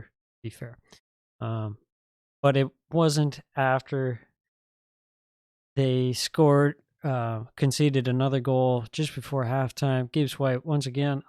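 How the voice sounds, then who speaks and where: Male podcast co-host, casual football recap, mid-pitched voice, dry close mic. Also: clean tone, no echo. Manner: relaxed recapping with fillers.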